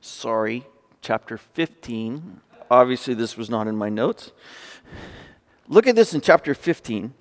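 A man's voice: medium pitch, expressive, a little slow, long pauses, long reverb tail. A man preaching a sermon, reading scripture aloud and then explaining it in a conversational way to his congregation. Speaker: pastor.

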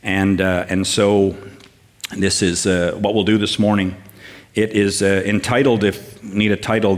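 An older man giving a sermon as guest preacher, talking in a warm, halting way with fillers and restarts that builds into rousing lists. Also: fairly low pitch, level tone.

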